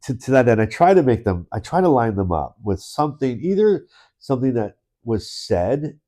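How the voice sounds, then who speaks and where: A man's voice: medium pitch, very animated, moderate pace, mellow. A man co-hosting a podcast in casual conversation, rambling with many restarts and chuckles. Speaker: podcast co-host. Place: indoors, in-person studio.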